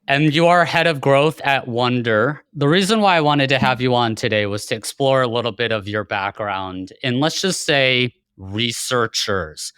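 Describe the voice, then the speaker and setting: A man's voice: mid-range voice, a bit bright, clear, resonant tone, dry recording, studio quality. A man hosting a podcast, chatting casually and jokingly with his guest. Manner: playful, jokey, fast-talking. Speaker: podcast host. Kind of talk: casual interview chat.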